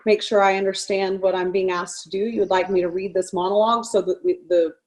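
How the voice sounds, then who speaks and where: A woman, a lawyer in a trial skills workshop, explaining her practice in a thoughtful, measured way. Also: mid-range voice, fairly even intonation, darkish tone. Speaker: workshop participant, defense lawyer.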